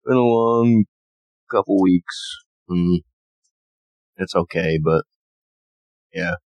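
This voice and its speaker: A man with a very low voice chats casually as a podcast co-host. He explains in halting bits full of fillers, and his voice sounds dry and close. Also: darkish tone, dry recording, dull audio. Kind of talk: casual chat.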